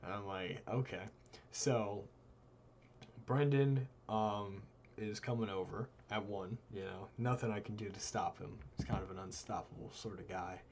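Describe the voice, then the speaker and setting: A young man's gravelly voice comes across unhurried, with a little hiss or hum in the recording. Co-hosting a live stream, he tells a personal story in a casual, animated way, voicing his friends with big pitch leaps.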